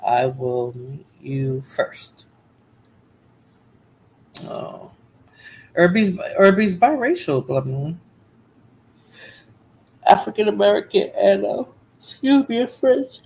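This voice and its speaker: A woman's voice: mid-range voice, very animated, takes it slowly, creaky, long pauses, a little mellow, poor audio. Chatty woman livestreamer. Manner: chatty, talks to viewers in chat by name; drowsy, rambling with fillers and restarts. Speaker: livestream host. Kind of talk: casual livestream chat.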